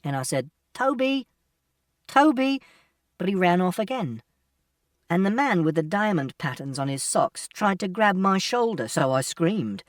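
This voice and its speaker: A man's voice: high voice, animated, normal speed, dry recording, studio quality, distant mic. A man reading a first-person audiobook as a teenage boy, in a literal, matter-of-fact, detailed manner. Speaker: audiobook narrator.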